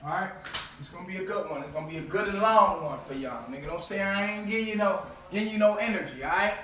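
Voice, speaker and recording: Man, high voice, preachy swearing rant, rhetorical questions, distant mic, booming echo. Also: fast talker, noisy background. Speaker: channel host. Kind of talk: profane ranting lecture. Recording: very echoey room, far from mic.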